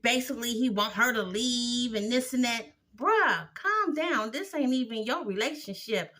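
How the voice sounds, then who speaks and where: A woman's voice: a little high, expressive, moderate pace, bright, forceful tone. A woman giving a blunt, opinionated recap of a TV episode, exasperated and sassy as she talks it through.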